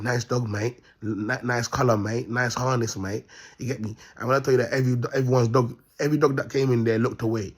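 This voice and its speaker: Husky-voiced man rambling. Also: mid-range voice. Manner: repetitive, keeps asking "you get me", laughs at his own points. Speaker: self-styled prophet vlogger. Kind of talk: rambling monologue to camera.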